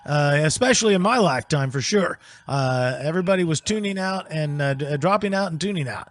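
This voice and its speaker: A man hosting a live political talk show, jokey and quick to interrupt. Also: a little high, lively intonation. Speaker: host.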